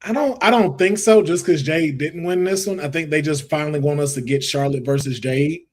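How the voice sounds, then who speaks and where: A man with a slightly husky, fairly high voice co-hosts a loose wrestling watch-along. He talks in an animated, joking way, riffing back at his friends. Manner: animated, joking, quick to riff. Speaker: wrestling show co-host. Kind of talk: casual watch-along chat.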